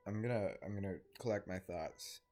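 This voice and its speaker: A man's voice: fairly low pitch, a little fast, darkish tone, soft background music. A young man talking to camera in a rambling, easily distracted solo vlog, casually swearing and interrupting himself. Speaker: vlogger.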